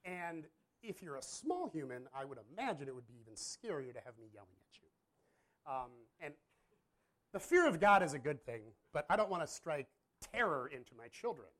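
A man's voice: a little high, big pitch swings, moderate pace, fairly bright tone. A man in his thirties, a pastor, telling a personal story in a candid, self-deprecating, rambling way with frequent laughs. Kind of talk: casual storytelling.

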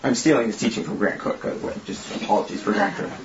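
A man's voice: medium pitch, very animated, fast, noisy background. Man preaching casually in an echoey room. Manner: casual, joking, earnest preaching. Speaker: group leader and preacher. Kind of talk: informal sermon and prayer. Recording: echoey room, slightly dull sound.

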